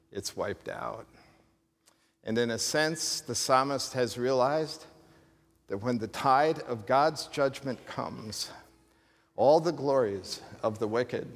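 A man's voice: on the high side, fairly bright tone. Man preaching a sermon in a reverberant hall. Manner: conversational preaching with asides and humor. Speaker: pastor. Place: church sanctuary.

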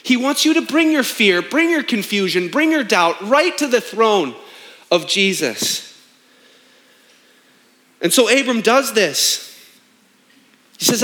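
A man's voice: sits high, animated, unhurried, pauses often, fairly bright tone. A man in his thirties, a pastor preaching a sermon in an emphatic, conversational way with rhetorical questions.

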